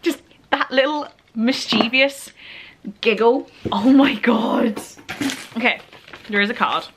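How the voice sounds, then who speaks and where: A woman's voice: fairly high pitch, takes it slowly, slight background noise. A young woman, gushing as she opens birthday presents in a casual vlog. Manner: gushing, excitable, squeals with delight. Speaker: book vlogger.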